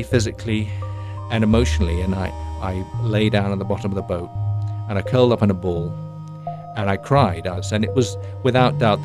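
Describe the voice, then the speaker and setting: A middle-aged man recounting an ocean voyage in a reflective, halting way, often restarting words. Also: on the low side. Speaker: ocean adventurer. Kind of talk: recounting a story in an interview.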